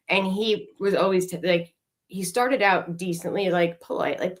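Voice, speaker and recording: Woman podcast host, fairly low voice, blunt storyteller who swears and laughs a lot. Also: steady tone, normal speed. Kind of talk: candid storytelling chat.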